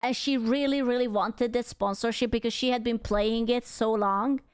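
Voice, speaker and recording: A woman's voice: fairly high pitch, steady tone, normal speed, clear, resonant tone. A woman streamer giving casual reaction commentary, ranting in a heated, profane way because she is upset. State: angry and upset.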